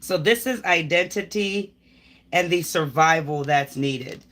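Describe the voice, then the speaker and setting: A woman's voice: sits low, unhurried, a bit bright. A woman giving a live tarot reading, talking straight at the viewer in an emphatic, preachy way, rambling with sighs and restarts. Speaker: tarot reader. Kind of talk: live tarot reading, spiritual pep talk.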